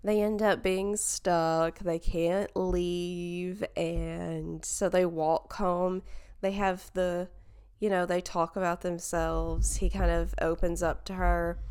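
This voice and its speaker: A woman's voice: lowish voice, level tone, slow, darkish tone, clear, resonant tone. A young woman talking casually about a movie, rambling and full of fillers and self-corrections. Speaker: movie reviewer. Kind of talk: casual chat.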